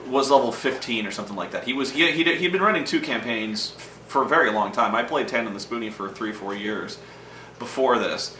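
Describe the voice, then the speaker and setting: With a mid-range, bright, forceful voice, this show host delivers a loose, swearing monologue of gaming stories, performing the quotes as he goes. The mic is far off, so there's roomy echo and a slight hiss or hum.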